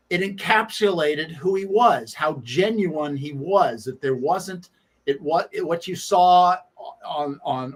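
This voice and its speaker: A man, a guest sports writer, telling anecdotes on a sports talk radio show in an animated way, often restarting his sentences and acting out quoted lines. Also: fairly high pitch. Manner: halting with frequent restarts.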